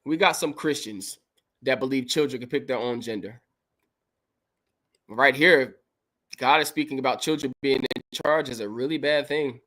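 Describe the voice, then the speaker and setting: A man's voice: medium pitch, normal speed, long pauses, bright, forceful tone. A man hosting a livestream, reading Bible verses aloud and commenting on them in an emphatic, preachy way. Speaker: podcast host.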